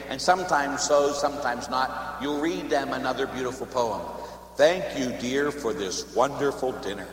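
A man's voice: fairly high pitch, reverberant, long reverb tail. A man preaching a homily as a Catholic priest in a church, telling long humorous stories in a conversational way. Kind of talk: sermon.

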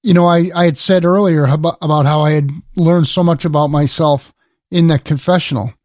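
Male co-host, reflective and halting, a bit high-pitched, dry close recording. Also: steady tone, a little mellow, dry recording. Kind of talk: casual podcast conversation.

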